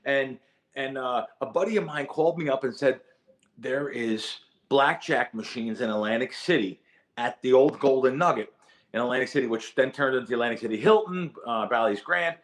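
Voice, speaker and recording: A middle-aged man telling his story as a guest in a podcast interview, animated and repeating words as he gets going. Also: medium pitch, normal speed. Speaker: guest, sports bettor.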